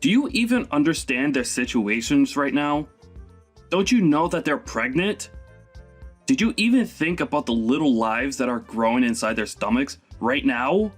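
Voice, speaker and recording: A man voicing a young husband who sternly reproaches his mother in an animated story drama. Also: medium pitch, moderate pace, soft background music, close to an everyday voice. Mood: reproachful.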